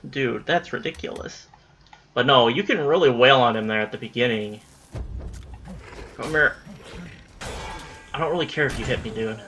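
A man giving casual let's-play commentary during a boss fight, excitable, swearing and yelling at enemies. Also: medium pitch, slight background noise. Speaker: gamer playing through a boss fight.

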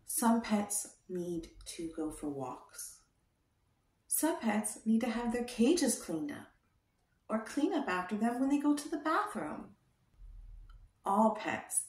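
A woman teaching toddlers, speaking slowly in a sing-song, coaxing way and asking them gentle questions. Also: fairly high pitch, far from the mic. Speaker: children's educator. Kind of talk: toddler lesson with sign language. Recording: roomy echo.

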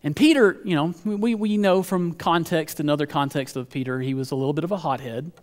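A man's voice: on the high side, a little fast, long reverb tail. A man preaching a sermon as pastor, earnest, often repeating words as he builds a point. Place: church sanctuary.

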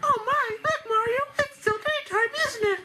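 A sugary young princess with a squeaky, mouse-like voice that sits extremely high. She speaks with gentle, overly polite sweetness. Game music plays loudly behind her. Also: moderate pace. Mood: sugary sweet. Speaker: gamer reading dialogue aloud.

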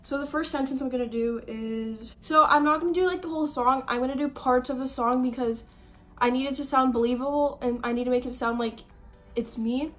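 A woman's voice: high voice, brisk, fairly bright tone, faint music behind. Giggly, nervous young woman vlogger. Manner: nervous and giggly, many "like" fillers. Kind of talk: casual vlog talk.

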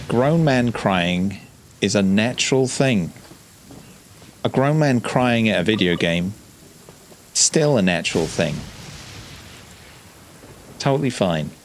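A man hosting a relaxed let's-play, chatty, chuckling and self-deprecating. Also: fairly low pitch, slow pace, pauses often, a little hiss or hum. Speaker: gaming video host.

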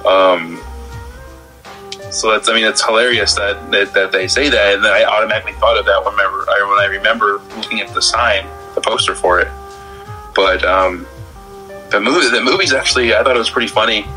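A low-voiced man with a bright, forceful tone, chatting loosely on a podcast about a movie. He restarts often and stammers through his thoughts, with faint music behind him. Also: fairly even intonation, a little fast, rough recording. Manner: rambling, stammering, many restarts. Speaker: podcast co-host. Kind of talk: casual film-discussion chat.

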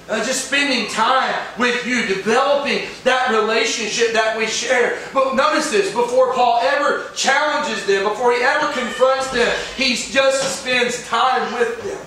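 Man preaching, pretty high voice, emphatic, sounds far off in a big echoey church, bit of faint noise. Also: measured pace, hardly any pauses, pushed and bright. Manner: emphatic preaching, asks the congregation questions. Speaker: pastor. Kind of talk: sermon. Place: church sanctuary.

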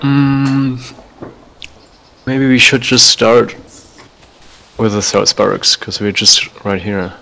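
A man's voice: mid-range voice, slow, vocal fry, long pauses, bright, forceful tone, slight background noise, low-quality recording. A man chatting casually while playing a shooter game with a friend, laid-back and swearing often. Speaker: gamer.

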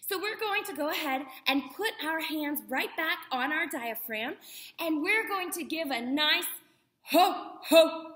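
Woman, acting teacher, high pitch, bright tone, encouraging, demonstrative. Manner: encouraging, demonstrates vocal exercises. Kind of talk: voice lesson for kids.

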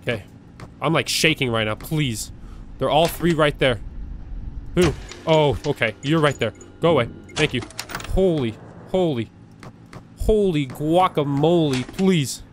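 A fairly high-voiced man talks his way through a scary game, nervous and jumpy. He repeats words in rapid bursts and pleads with the monsters on screen. A faint hiss of noise sits under his voice. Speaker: gaming video creator. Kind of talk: live let's-play commentary.

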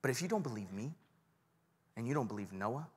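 A man's voice: medium pitch, expressive, brisk, breathy edge. A young man preaching a sermon, telling a personal story in a casual, self-deprecating way and talking straight to the crowd. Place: large church hall. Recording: long church hall reverb.

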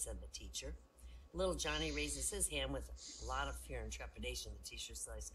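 A woman telling stand-up jokes in an online voice chat room, an animated storyteller who switches voices for each character. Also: a bass voice, brisk, poor audio.

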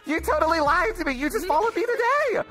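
High bright-voiced man ranting. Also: lively intonation, fast talker, faint music behind. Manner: loud exasperated ranting, swearing, laughing. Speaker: streamer giving call-outs. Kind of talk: casual comedic rant.

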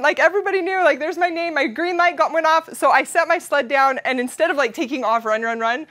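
A woman in her thirties from Utah giving an animated storytelling keynote, acting out voices and sound effects. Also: high voice, quick pace, few pauses. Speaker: keynote speaker.

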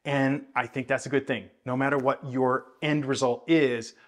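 A man's voice: medium pitch, fairly even intonation, moderate pace. A male music teacher in a video lesson, voice sitting in an ordinary middle register. He explains ideas in a thoughtful, hedging way and breaks into counted beats and scatted rhythms to demonstrate. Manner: counts and scats rhythms aloud while explaining. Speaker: jazz bass teacher.

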